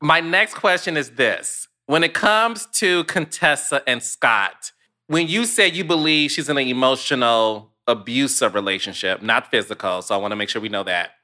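A man hosting a podcast who asks his guest measured, carefully phrased questions. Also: mid-range voice, animated, sharp tone. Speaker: podcast host. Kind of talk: interviewing a guest.

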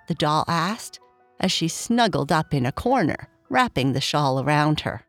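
A woman narrating a children's story, calm and even in her reading. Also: deep voice, unhurried, soft background music.

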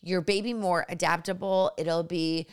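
A woman in her thirties tells stories in casual chat, acting out what people said and swearing freely. Her voice sits a little low and sounds smooth and clear. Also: normal speed. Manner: animated storyteller, acts out quotes, swears casually.

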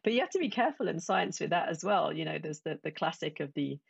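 A woman's voice: deep voice, animated, quick pace, vocal fry, breathy edge, no room sound, muffled recording. A woman from England, chatting casually with many restarts and quoted asides. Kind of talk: casual chat.

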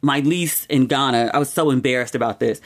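A woman in her forties, a podcast host, telling a personal story in a chatty, expressive way with quick asides and frequent laughter. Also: a bass voice.

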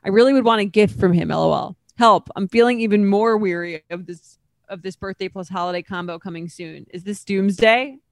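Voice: medium pitch, a little fast, creaky, dry recording. A podcast co-host in casual chat, reading a listener email aloud with wry asides.

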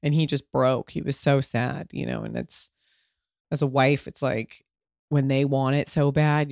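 A woman's voice: very deep voice, steady tone, unhurried, gravelly, a little mellow, no room sound. Frank, emotional woman podcaster, dry sound. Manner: frank, emotional, swears freely, many fillers. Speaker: podcast host. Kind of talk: candid solo podcast talk.

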